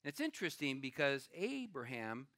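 Older man, pastor, lively sermon, bright forceful voice, dry close sound. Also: medium pitch, normal speed, dry recording. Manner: animated storytelling with acted quotes.

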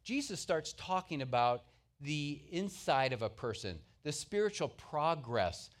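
A man's voice: fairly high pitch, big pitch swings, a little slow. Man preaching a conversational sermon. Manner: earnest, conversational preaching with anecdotes. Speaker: pastor.

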